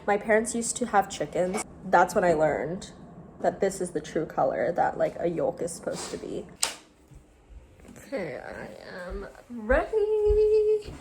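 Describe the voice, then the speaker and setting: A woman's voice: lowish voice, moderate pace. A young woman, talking candidly in a casual vlog and using many fillers like "like". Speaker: vlogger. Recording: noisy background.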